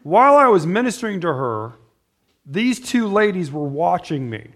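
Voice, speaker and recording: A man's voice: high-pitched, very animated, normal speed, a bit bright. Rambling, conversational preacher man. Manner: rambling, conversational, with frequent restarts and asides. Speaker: pastor. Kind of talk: informal sermon with storytelling.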